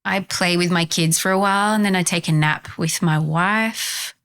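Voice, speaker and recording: A woman voicing a relaxed, easygoing male village fisherman who gives calm, puzzled replies. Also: lowish voice, normal speed, smooth.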